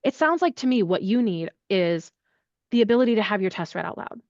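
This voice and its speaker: A woman's voice: mid-range voice, fairly quick, no room sound. Chatty woman guest, dry dull sound. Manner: animated, chatty, with lots of fillers. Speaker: accessibility services head, podcast guest. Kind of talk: conversational interview answer.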